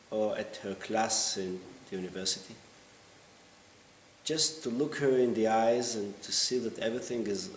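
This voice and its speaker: A man performing a theatrical monologue in an intense, halting, confessional way. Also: on the low side. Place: theater stage. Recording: roomy stage sound from far off, faint hiss.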